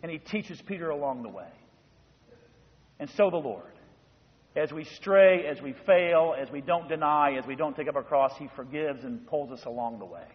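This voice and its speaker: High-voiced pastor preaching in a reverberant church. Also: male voice, normal speed. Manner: animated storytelling, acting out voices in bursts. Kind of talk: sermon. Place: church sanctuary. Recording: dull sound in a reverberant church.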